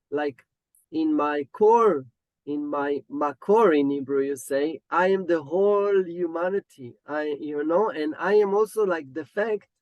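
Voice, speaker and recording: Man, host, slow, somewhat high voice, dry sound, reflective, spiritual. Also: darkish tone, no room sound, low-quality recording. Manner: slow, spiritual, full of "you know". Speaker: webinar host. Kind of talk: reflective chat.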